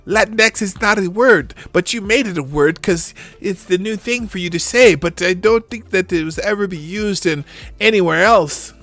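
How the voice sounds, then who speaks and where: A man's voice: high-pitched, normal speed, a bit bright. A man hosting a live stream, reacting to a clip with sarcastic, mocking comments and frequent laughter.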